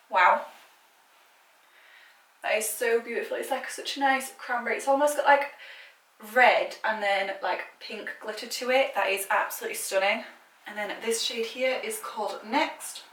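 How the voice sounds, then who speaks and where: A woman's voice: on the high side, normal speed, a bit bright. A British woman vlogging casually about makeup, chatty and gushing, with lots of filler words. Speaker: beauty vlogger. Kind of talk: casual makeup swatching chat. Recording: echoey room, mic at a distance.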